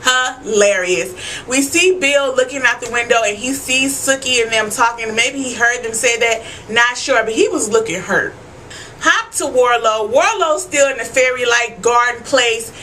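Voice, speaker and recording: A high-pitched woman with a bright, sharp tone recapping a TV episode for her viewers. She is animated and slangy, and swears freely as she talks straight to the camera. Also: normal speed, slight background noise, rough recording. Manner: loud asides and frequent swearing. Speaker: vlogger.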